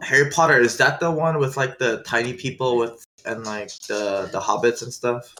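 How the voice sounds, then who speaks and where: A man cracking deadpan, mock-clueless jokes while playing a game with friends in an online chat. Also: mid-range voice, moderate pace, a crowd in the background. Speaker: co-player. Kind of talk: casual let's-play chat.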